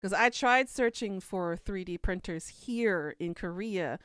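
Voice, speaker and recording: A woman's voice: medium pitch, a little slow, a bit bright, smooth, no echo, studio quality. A woman from Kentucky with a Southern US accent, chatting casually as a podcast host and answering viewer comments in a rambling way. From Kentucky, USA. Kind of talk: casual chat.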